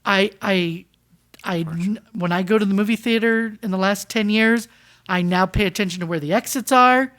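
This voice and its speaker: A woman's voice: medium pitch, normal speed, a bit bright. A woman speaking as a school board member at a public meeting, earnest and impassioned, often restarting her sentences and asking rhetorical questions. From United States.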